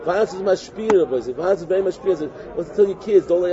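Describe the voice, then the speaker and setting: A man giving an informal Torah talk, animated and repetitive, often acting out what other people say. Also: sits high, fast, few pauses. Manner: animated, repetitive, acts out quotes. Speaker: religious teacher. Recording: muffled recording with crowd noise.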